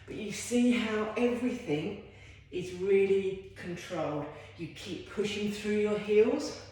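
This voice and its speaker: A woman's voice: medium pitch, slow, mellow. Encouraging woman in an echoey room. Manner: encouraging, chatty, self-deprecating asides. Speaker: fitness instructor. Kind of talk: guided home workout instruction.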